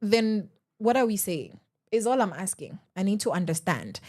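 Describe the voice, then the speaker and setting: A woman hosting a radio talk show, speaking in an animated, emphatic way and firing off rhetorical questions from the studio. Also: mid-range voice, moderate pace.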